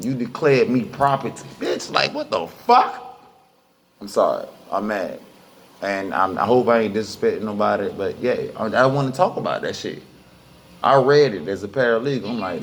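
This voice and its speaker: A man giving a heated, profane, unscripted speech, repeating himself and jumping high in pitch when angry. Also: slight background noise.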